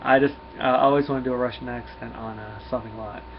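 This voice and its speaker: A man, reviewing a comic book in a relaxed, folksy way. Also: medium pitch, quick pace. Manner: relaxed, folksy, many fillers. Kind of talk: casual comic review and read-through. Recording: dull lo-fi with faint hum.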